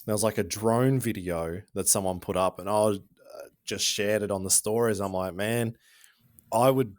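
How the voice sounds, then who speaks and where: A man with an Australian accent hosting a podcast, telling stories in a chatty, joking and animated way. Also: fairly low pitch, moderate pace, no echo, clean studio sound. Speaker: podcast host. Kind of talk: casual chat.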